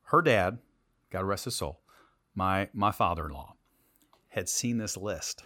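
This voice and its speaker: A middle-aged man, a TV news anchor, telling a story from his career in an animated interview voice that swings between loud and quiet. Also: sits low, unhurried, no room sound, studio quality.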